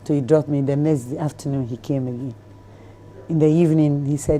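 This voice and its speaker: A Ghanaian woman telling her story as an interview guest, lively and animated. Her voice is fairly low and mellow, with faint noise behind it. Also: fairly quick. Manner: lively storyteller who acts out other people's lines.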